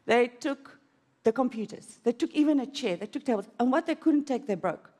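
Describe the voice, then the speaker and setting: A woman's voice: expressive, moderate pace, a little mellow. Emotional woman preaching. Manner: emotional storytelling with dramatic swings in pitch. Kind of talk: sermon. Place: auditorium.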